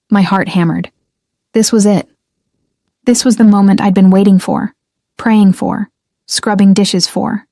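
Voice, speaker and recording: A young woman narrates a first-person story in a measured, restrained way. Her voice is mellow and dark, and her pitch stays very level. The sound is dry and close. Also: flat delivery, no room sound.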